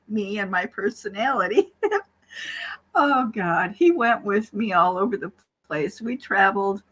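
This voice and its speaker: Middle-aged woman, husky voice, keeps cracking up laughing while she tells a story in a group chat. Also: on the high side, fairly bright tone, poor audio. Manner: laughs often while telling a story, breaks into giggles. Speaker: participant in an online group chat. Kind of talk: casual storytelling.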